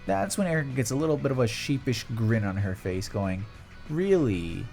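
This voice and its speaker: A man's voice: medium pitch, big pitch swings, brisk, creaky, a little mellow. A young man narrating a fan story in a loose, conversational play-by-play with run-on phrasing. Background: faint guitar music.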